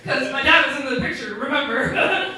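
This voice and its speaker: Woman, 30s, stand-up comic, brash and self-mocking; distant stage mic, audience laughing loudly. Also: high-pitched, animated, normal speed, crowd noise. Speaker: stand-up comedian. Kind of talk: stand-up comedy set. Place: comedy club stage with a live audience. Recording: echoey club room, mic from far off.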